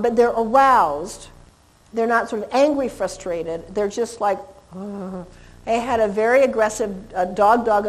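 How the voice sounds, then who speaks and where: A woman lecturing a live seminar audience on dog behavior, animated, imitating animal and human sounds and asking the room questions. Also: mid-range voice.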